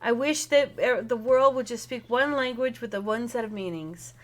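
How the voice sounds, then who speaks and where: A woman voicing a puzzled female vampire in a halting put-on Swedish-German accent, muttering as she talks. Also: fairly high pitch, lightly acted. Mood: exasperated.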